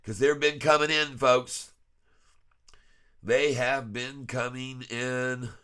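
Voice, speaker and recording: Male vlogger, stuffy nose, folksy chuckling chart talk, bright forward tone. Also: mid-range voice, flat delivery, takes it slowly, clear, resonant tone. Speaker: stock trading vlogger. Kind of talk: casual screen-share commentary.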